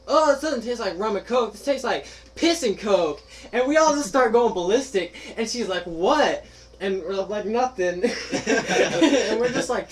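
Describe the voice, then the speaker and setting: On a low-quality recording, a young man with a high voice casually tells a story to friends as a podcast host. He's animated and laughs along, acting out what his friends said.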